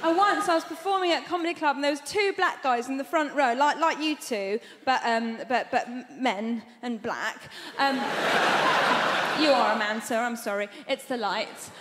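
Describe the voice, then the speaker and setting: A woman from Iran doing a wry, self-mocking stand-up comedy set on a large theatre stage. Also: sits high. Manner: wry, self-mocking storytelling with quick asides. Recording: long theatre reverb, loud background noise.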